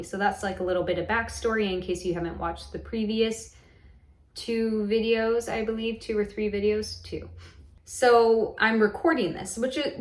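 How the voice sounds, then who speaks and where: A woman tells a personal story in a relaxed vlog. Her talk wanders, full of fillers and restarted sentences. Her voice sits at an ordinary pitch, and the room adds a noticeable echo. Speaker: vlogger recounting a hypnosis session. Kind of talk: casual storytelling to camera.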